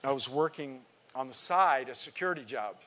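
A man preaching a sermon to his congregation, telling a personal story and swinging from quiet asides to emphatic outbursts. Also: mid-range voice, lively intonation, normal speed. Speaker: pastor.

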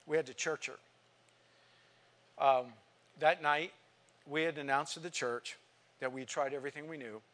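Older man, pastor, earnest sermon storytelling, quoted dialogue, slightly high voice. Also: fairly even intonation, moderate pace, pauses often, fairly bright tone.

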